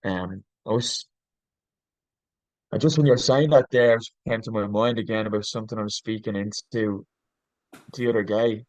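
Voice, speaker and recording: A man guesting on a podcast talks in a low register, earnest and reflective. He gropes for words, with frequent ums and restarts. The sound is close and dry, with no room around it. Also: fairly even intonation, normal speed, long pauses, darkish tone, no room sound, low-quality recording. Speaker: podcast guest, leadership coach.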